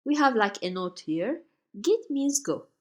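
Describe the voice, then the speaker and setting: Woman language teacher, higher voice, slow, clear delivery of each example. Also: sing-song. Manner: slow, careful, spells out each Turkish word. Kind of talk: slide-based grammar lesson.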